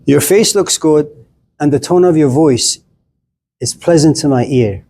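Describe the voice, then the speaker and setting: A man's voice: fairly high pitch, a little slow, warm tone. A middle-aged man giving a casual, blunt classroom lecture on philosophy, chatting straight at his students and acting out little scenes.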